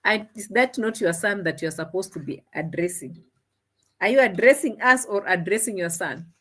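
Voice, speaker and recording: A woman's voice: mid-range voice, moderate pace, a bit bright. A woman giving opinionated commentary, scolding with rhetorical questions and dramatic repeats. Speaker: commentary vlogger.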